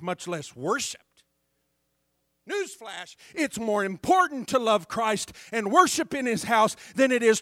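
A male pastor delivering a fervent sermon in a high, bright, ringing voice. He takes his time, calling on the congregation to answer back. The sound is close and dry. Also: no echo. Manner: fervent preaching, calls out to congregation for responses.

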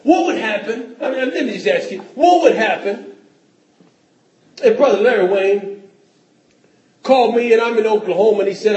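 A man preaching a fervent sermon in a church, often shouting and restarting phrases. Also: high-pitched, moderate pace, long pauses, roomy sound, far from the mic, low-quality recording.

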